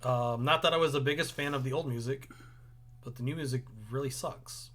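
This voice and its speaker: A young man hosting a casual review show, relaxed and rambling with lots of ums. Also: mid-range voice, fairly quick. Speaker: host. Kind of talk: casual chat.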